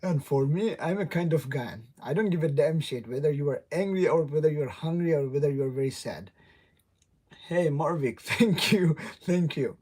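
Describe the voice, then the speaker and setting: Young male livestreamer, non-native English accent, higher-pitched, mellow voice, chatty and giggly. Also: normal speed, husky. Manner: rambling, laughs often, greets chat viewers. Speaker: livestream host. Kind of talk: casual live stream chat.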